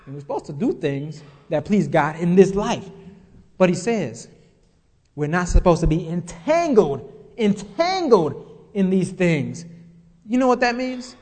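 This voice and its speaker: High-voiced preaching man in a reverberant hall. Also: very animated, measured pace, darkish tone, slightly rough. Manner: emphatic preaching with repeated phrases and rising questions. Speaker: pastor. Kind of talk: sermon.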